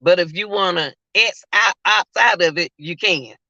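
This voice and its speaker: A woman's voice: lowish voice, normal speed, sharp tone, dry recording. A woman vlogger, chatting casually to her viewers about a case. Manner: chatty, addresses viewers as y'all. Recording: dull lo-fi sound.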